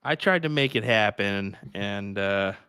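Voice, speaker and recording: A man with a Kansas accent calls a darts match and swaps stories with his co-commentator. His voice sits low and sounds dry and close to the mic. He laughs easily and rambles in a friendly, chatty way. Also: a little slow, smooth, dry recording. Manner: chatty, laughs often, lively storytelling. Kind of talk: live sports commentary banter.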